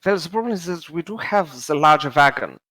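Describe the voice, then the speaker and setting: A man voicing a fussy male wagon master with a German accent, halting and full of ums, in a tabletop game. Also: on the high side, lively intonation, bright, forceful tone, no echo, pitched above the performer's own voice, rough recording. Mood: apologetic. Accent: German put-on accent. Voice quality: halting, many ums and uhs.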